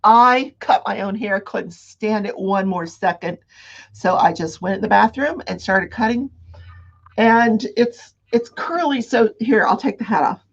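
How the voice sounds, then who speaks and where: A woman hosting a casual live morning crafting show, chatting excitedly and greeting her viewers by name. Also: mid-range voice, measured pace, creaky, lo-fi sound. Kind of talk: casual live-stream chat.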